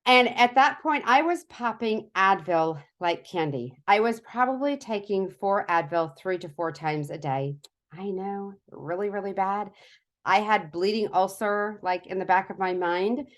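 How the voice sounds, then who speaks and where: A woman in her forties tells a rambling personal story in a casual, chatty way. She pokes fun at herself as she goes and fills her sentences with "like" and "um." Her voice sits at an ordinary middle pitch. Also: measured pace. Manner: chatty, self-mocking, lots of fillers. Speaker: product testimonial speaker.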